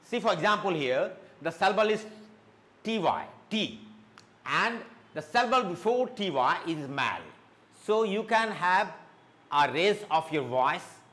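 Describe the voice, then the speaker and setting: Tutor, male, slightly high voice, drills words slowly, mixes in Hindi. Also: sharp tone. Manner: slow, repeats words and says okay often; mixes Hindi explanations into English. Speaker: English teacher. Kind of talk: spoken English lesson.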